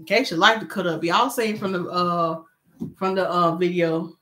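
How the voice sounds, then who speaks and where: A woman's voice: lowish voice, normal speed. A woman hair stylist chatting casually on a live stream while she works, reading viewer comments and joking with them. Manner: chatty, animated, reads comments aloud.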